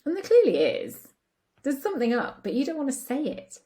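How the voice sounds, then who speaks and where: A woman's voice: high voice, huge pitch swings, brisk, mellow. A woman relationship coach talking casually, chatty with lots of fillers, acting out the voices of people she quotes. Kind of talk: casual talk to camera.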